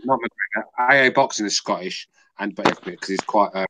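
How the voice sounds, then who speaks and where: English podcast host, rambling and low-voiced. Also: male voice, moderate pace, noisy background. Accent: southern English. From southern England. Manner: rambling, repeats words, swears. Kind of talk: casual chat.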